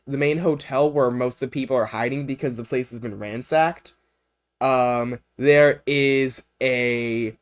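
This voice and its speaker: A man's voice: mid-range voice, smooth. Rambling young man presenting a game. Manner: rambling, unscripted, lots of ums and uhs. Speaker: streamer presenting a video game. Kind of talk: casual livestream presentation.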